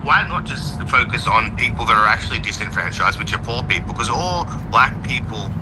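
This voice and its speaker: A man arguing as a guest in a live-stream debate, calm but provocative and teasing. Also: fairly low pitch, fairly quick. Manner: provocative, teasing, calmly argumentative. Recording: clip with clear background noise.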